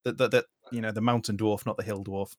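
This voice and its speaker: A man's voice: on the low side, steady tone, fast, heavy background noise. A man co-hosting a tabletop game podcast in casual chat, joking and stammering through restarts. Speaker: podcast co-host.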